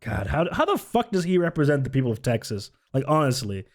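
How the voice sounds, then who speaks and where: A man's voice: mid-range voice, very animated, brisk. A man streaming live, reacting to videos with sarcastic, swear-laden commentary and frequent laughs, close to the mic.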